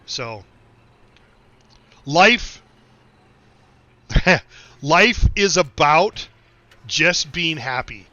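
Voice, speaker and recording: Middle-aged American man, easygoing streamer chat, bright and slightly high, dry dull sound. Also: expressive, extremely slow, pauses often, no echo. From United States. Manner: easygoing, laughs often, rambling with restarts. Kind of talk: casual chat while gaming.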